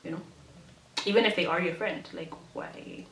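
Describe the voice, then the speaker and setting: A woman's voice: fairly low pitch, a little fast, slight background noise. Chatty young woman telling a story. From Malawi. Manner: chatty and expressive, acting out her own past thoughts. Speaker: YouTuber. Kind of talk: casual storytime monologue. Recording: echoey room.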